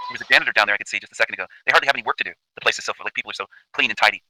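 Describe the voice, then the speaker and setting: A man's voice: fairly low pitch, very fast, pushed and bright, slight background noise, low-quality recording. A man from Canada, hosting his own channel, delivering an emphatic, profane, repetitive rant as commentary over video footage. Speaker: channel host.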